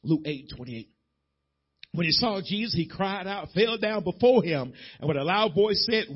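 A man's voice: high voice, lively intonation, normal speed, breathy edge, lo-fi sound. A man preaching a sermon in a folksy, emphatic way, addressing the congregation directly in a church sanctuary. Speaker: pastor.

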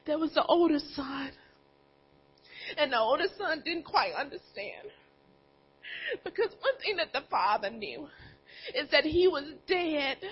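Woman preacher, very high voice, tearful and impassioned, dull lo-fi sound. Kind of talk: sermon. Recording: dull lo-fi recording.

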